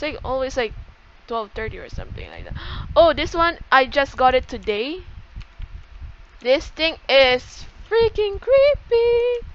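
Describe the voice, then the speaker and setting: A young woman chatting casually through a game walkthrough, excitable, gasping and correcting herself as she goes. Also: sits high, lo-fi sound, slight background noise. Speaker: gaming YouTuber.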